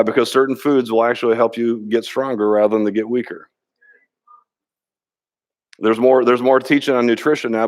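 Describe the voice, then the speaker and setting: A man's voice: medium pitch, darkish tone. A middle-aged man pastor preaching a sermon in a conversational way, often restarting and repeating words, and telling stories with quoted dialogue.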